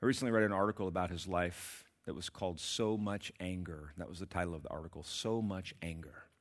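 A man preaching a sermon, asking his congregation questions and swinging between loud emphatic peaks and quiet low passages. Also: brisk. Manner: asks the congregation rhetorical questions. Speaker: pastor.

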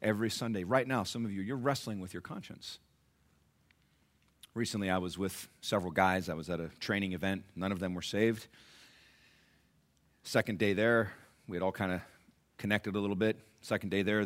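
A man preaching a sermon as pastor, animated, with rhetorical questions, swinging between loud emphasis and hushed asides. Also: lowish voice, moderate pace, pauses often.

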